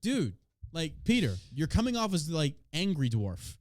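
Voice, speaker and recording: A man's voice: fairly high pitch, wildly swooping pitch, moderate pace, darkish tone, no echo, clean studio sound. A man hosting a podcast in casual chat, brash, profane and mocking as he reacts to the news and to his chat. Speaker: podcast host.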